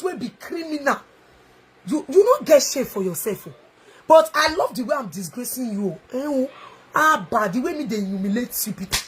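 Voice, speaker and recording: A woman with a Nigerian Pidgin English accent, ranting angrily in a video, taunting and mocking with shouts and a sing-song edge. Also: a little high, lively intonation, moderate pace, breathy edge. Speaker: online video ranter. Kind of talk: angry livestream rant.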